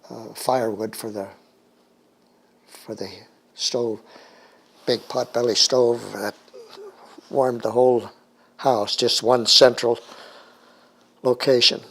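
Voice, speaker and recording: An older man from the United States giving an oral history interview, recalling his childhood at a halting pace with many fillers. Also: medium pitch, steady tone, vocal fry, a bit bright, slight background noise.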